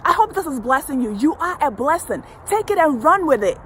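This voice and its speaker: A woman's voice: high-pitched, big pitch swings, brisk, a little hiss or hum, poor audio. A woman wellness coach giving a motivational affirmation talk straight to the viewer, with emphatic, repetitive, uplifting phrasing. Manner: speaks directly to the viewer.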